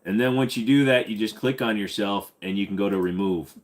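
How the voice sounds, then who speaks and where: A man's voice: fairly low pitch, fairly quick. A man hosting a casual live question-and-answer stream, rambling and swearing freely with lots of fillers. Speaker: livestream host.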